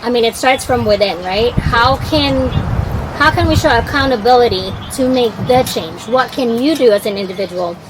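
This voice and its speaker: A woman's voice: a little high, normal speed, noisy background. A woman co-hosting a casual interview, asking thoughtful, hesitant questions. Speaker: podcast co-host.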